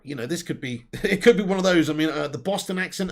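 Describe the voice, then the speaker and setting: A man's voice: a little high, expressive, fast, hardly any pauses. A man hosting a casual livestream, reading out viewer comments and bantering, swearing and laughing often. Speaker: livestream host. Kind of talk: casual live-stream chat reading comments.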